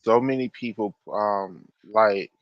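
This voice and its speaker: A man's voice: lowish voice, takes it slowly, dry recording, lo-fi sound. A man co-hosting a casual chat podcast, blunt and opinionated, swearing casually. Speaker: podcast co-host.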